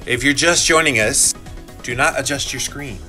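A health podcaster livestreams from a phone he holds while filming, chatting casually straight to viewers and reading their comments aloud. His mid-range voice is sharp at a moderate pace, shaking from a vibration plate, with soft music in the background.

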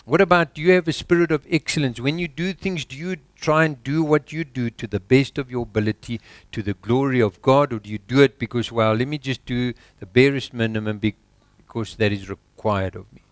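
South African man, pastor, sermon, rhetorical questions, low emphatic drops, dry recording. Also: brisk, no room sound. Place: church.

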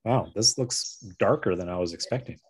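Wine tasting host, low husky male voice, halting and repetitive, on a video call. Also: soft background music. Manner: halting, repeats words, laughs often. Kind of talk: casual chat on a video call.

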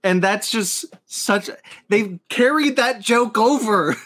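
A man with a high voice chatting as a podcast co-host. He tells stories in a casual, amused way and often giggles. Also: takes it slowly, a bit bright. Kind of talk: casual chat.

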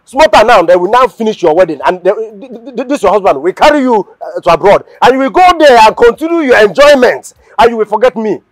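A man's voice: high voice, quick pace, few pauses, dry recording. An actor playing a frantic Nigerian young man. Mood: resentful. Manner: excitable, pleading, stammering repetitions. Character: young man Uche, impatient and desperate to go abroad. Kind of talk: film drama acting.

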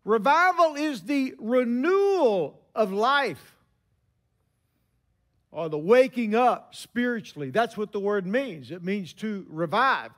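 A man in his sixties preaching a sermon, telling stories with emphatic pauses. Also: high-pitched, animated, fairly bright tone.

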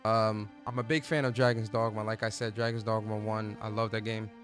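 Streamer, man, casual slangy game commentary, shouts out viewers, music behind. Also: fairly low pitch, level tone, brisk. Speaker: gaming streamer. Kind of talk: live let's play commentary.

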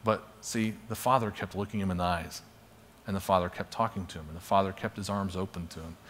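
A man's voice: low-pitched, steady tone, fast talker, a bit bright, slight background noise. A man teaching a class by telling a parable in a conversational storytelling manner. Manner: conversational storyteller, acts out quotes. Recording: long hall reverb.

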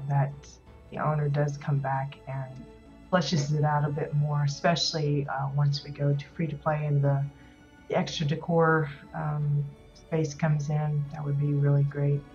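A woman's voice: low-pitched, darkish tone, muffled recording. A woman hosting a casual video tour of player-built homes in a game, talking loosely with lots of ums and restarts. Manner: rambling, many ums and restarts. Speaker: host touring player houses in a game.

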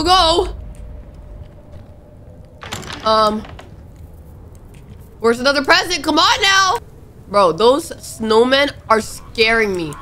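A young woman playing a horror game on her channel, talking casually with slang, jumpy and dramatic, pleading when frightened and shouting at sudden scares. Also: fairly high pitch, a little hiss or hum. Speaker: gaming YouTuber.

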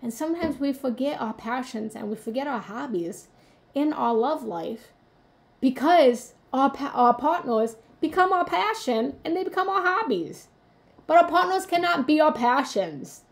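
A woman coaching her live viewers in an earnest, open-hearted way, sharing her own experiences as she goes. Her voice sits a little high, with a gravelly fry at the ends of her phrases. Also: expressive, normal speed. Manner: earnest, confessional, addresses viewers directly. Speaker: spiritual coach hosting a live stream. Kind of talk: live motivational talk.

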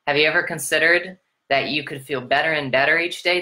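A woman's voice: brisk, hardly any pauses, pushed and bright. An American woman giving a motivational sermon on self-love, piling up rhetorical questions and swearing freely. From United States. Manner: preachy, repetitive rhetorical questions, swearing, big swings in pitch. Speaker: spiritual self-love coach.

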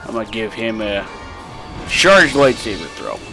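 Excitable, foul-mouthed young gaming host. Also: male voice, lowish voice, moderate pace, vocal fry, over music. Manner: excitable, profane, laughs a lot. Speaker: let's play host. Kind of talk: casual gameplay commentary.

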